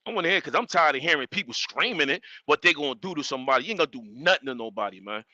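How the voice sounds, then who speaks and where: A livestream host with a voice on the high side rants in rapid-fire bursts, animated and emphatic, going over the same points again and again. The recording is dry, with the highs cut off.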